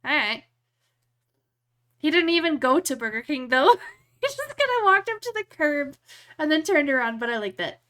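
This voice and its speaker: A woman's voice: high voice, sing-song, a bit bright. A young woman streaming live, chatting casually and joking at her own expense. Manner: joking, self-deprecating, quick laughs.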